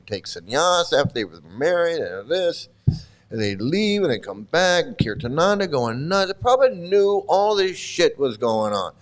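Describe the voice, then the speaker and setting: An older man talks off the cuff in a fairly high voice, blunt and profane, circling back over his points with many restarts. It sounds like casual solo commentary.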